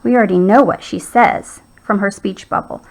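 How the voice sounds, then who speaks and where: A woman's voice: mid-range voice, moderate pace, vocal fry, rough recording. A woman teacher patiently walking young children through a writing lesson.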